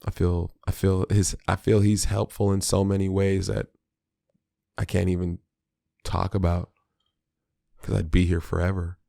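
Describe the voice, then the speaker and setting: Low, gravelly-voiced man hosting a podcast. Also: level tone, unhurried, pauses often, mellow, no echo, clean studio sound. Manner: reflective, candid and slangy with frequent restarts. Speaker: podcast host; father of a small child. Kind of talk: solo podcast monologue.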